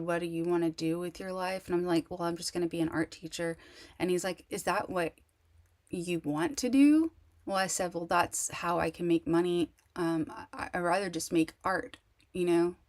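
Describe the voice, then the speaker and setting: Candid, rambling woman with a low voice. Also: creaky. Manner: rambling, halting, many restarts and fillers; candid and emotional. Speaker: vlogger. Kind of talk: casual personal monologue.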